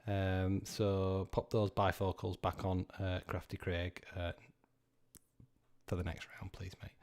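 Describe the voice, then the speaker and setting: A man in his thirties hosting a live pub quiz, chatty and sweary, repeating each question slowly. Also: low-pitched, monotone, a little mellow.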